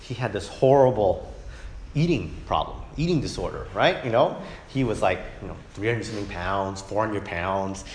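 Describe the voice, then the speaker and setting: A man teaches a Bible lesson to his class in a casual, lively way. He keeps checking in with "right?" and acts out the lines he quotes. His voice echoes around the room. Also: fairly low pitch, normal speed, slight background noise. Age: adult, parent of young kids. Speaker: Sunday school teacher. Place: church classroom.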